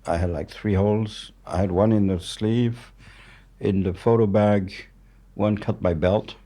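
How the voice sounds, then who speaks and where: His voice sits on the low side, warm, with fairly even intonation and a measured pace. A French war journalist in his seventies, he's a guest telling candid stories in French-accented English, bluntly and matter-of-factly, swearing freely.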